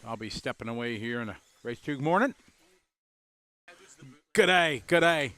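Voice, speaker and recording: A man gives casual live commentary on a radio-controlled car race, keeping it loose and chatty and greeting viewers by name. His mid-range voice is animated, fast and fairly bright.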